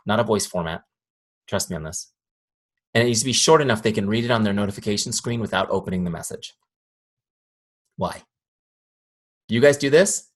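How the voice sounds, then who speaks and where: Husky-voiced man giving a lively sales training. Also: mid-range voice. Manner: lively, acts out quoted voices, asks audience questions. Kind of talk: live training talk.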